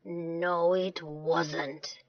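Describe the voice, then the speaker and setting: A woman's voice: fairly high pitch, expressive, extremely slow, dry recording. A woman voicing cross grown-up villagers who grumble and talk sarcastically. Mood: grumbling. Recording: dull lo-fi dry recording.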